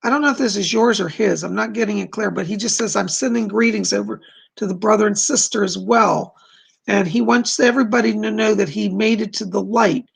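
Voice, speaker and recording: A man doing live psychic readings on a stream, reading viewer questions aloud and gently relaying reassuring messages. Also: high voice, fairly even intonation, brisk, creaky, husky. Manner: gentle, reassuring, calls people darling.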